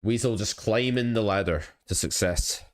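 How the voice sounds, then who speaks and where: A man's voice: on the low side, normal speed. A man, coaching poker live and chatting casually with his viewers, often second-guessing his own plays. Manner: chatty, self-critical, talks to chat. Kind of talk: casual live-stream commentary.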